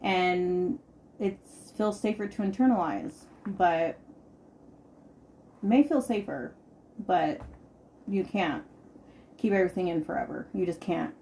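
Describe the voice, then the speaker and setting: A woman's voice: on the low side, a little slow, pauses often, mellow, slight background noise. Candid, emphatic woman sharing personal stories. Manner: emphatic, repeats words for stress, swears casually. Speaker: podcast host. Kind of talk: candid personal podcast talk.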